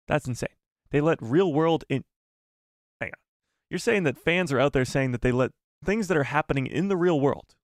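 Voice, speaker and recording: A man hosting a casual live stream, talking in an excitable, exclamatory way and reading viewer donations. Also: medium pitch, dry recording, clean studio sound.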